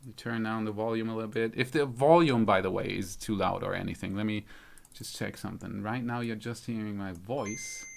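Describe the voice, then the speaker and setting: A man's voice: fairly low pitch, a little fast, creaky. A man from Germany with a light German accent, hosting a casual live stream, thinking aloud as he fiddles with settings and reads out viewers' comments. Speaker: YouTube channel host.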